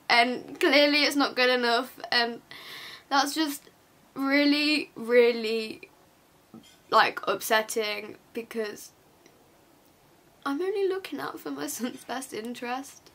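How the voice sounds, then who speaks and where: A young woman vlogging an emotional rant to camera, crying as she talks, halting and restarting her sentences. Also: high-pitched, pushed and bright.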